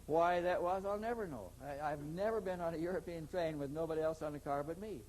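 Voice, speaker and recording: A man's voice: fairly high pitch, brisk, a little mellow, a little hiss or hum, low-quality recording. An older man, an interview guest, telling a long story in a rambling way, repeating words and acting out the dialogue.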